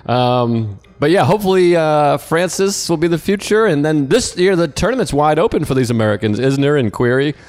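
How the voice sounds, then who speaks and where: A man from the Boston area, a podcast guest, chatting in animated, jokey bursts. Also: fairly high pitch, a little fast, few pauses. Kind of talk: casual podcast chat.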